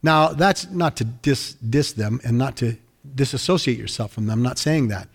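A man's voice: medium pitch, normal speed, slightly rough. A man preaching a sermon as pastor, fervent and emphatic, repeating phrases for weight.

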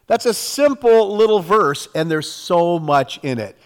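A man's voice: high-pitched, expressive, slow pace, long reverb tail. A man preaching a sermon in a fervent, conversational way, acting out prayers in his own voice. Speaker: pastor.

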